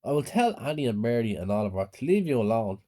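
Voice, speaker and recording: A man's voice: mid-range voice, big pitch swings, quick pace, dark tone. A man voicing a mischievous young boy who talks casually and reassuringly.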